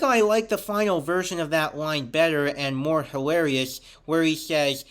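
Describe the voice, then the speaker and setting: A man's voice: fairly high pitch, expressive, moderate pace, hardly any pauses, fairly bright tone. A man hosting a show, reading a scripted review steadily and detail by detail.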